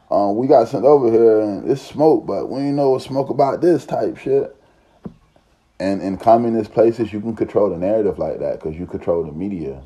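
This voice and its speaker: A man's voice: low-pitched, mellow, muffled recording. A man, talking in a profane, rambling, emphatic casual monologue. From Southern United States.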